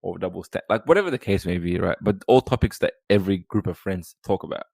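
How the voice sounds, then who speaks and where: A podcast guest, talking casually and rambling with lots of fillers and restarts. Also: male voice, sits low, quick pace, creaky, a little mellow, no room sound. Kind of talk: casual chat.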